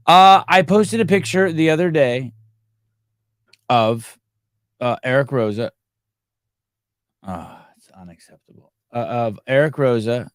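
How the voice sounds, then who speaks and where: A man's voice: low voice, moderate pace, long pauses, dry recording, clean studio sound. A middle-aged man hosting a podcast, rambling in casual talk and swearing freely when he gets frustrated. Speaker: podcast host. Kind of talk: casual live show monologue.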